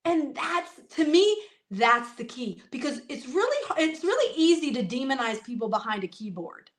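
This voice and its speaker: A woman talks in a relaxed, chatty way with a fairly high voice. She jumps between thoughts, restarting and adding asides as she goes. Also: moderate pace. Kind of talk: casual chat.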